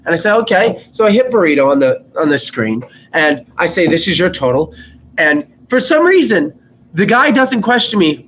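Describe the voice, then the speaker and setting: A young man with a fairly high voice tells rambling stories from an old job, cursing freely and acting out the rude customers. The recording sounds muffled, with a faint hiss underneath. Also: very animated, normal speed, a bit bright. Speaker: vlogger. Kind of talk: casual storytelling.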